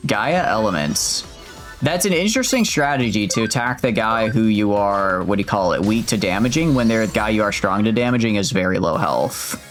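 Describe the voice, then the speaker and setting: A man's voice: on the low side, lively intonation, moderate pace, soft background music. A man casually commenting on a video game as he plays, rambling, interrupting himself and reading the game's dialogue aloud. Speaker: streamer. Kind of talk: casual let's-play commentary.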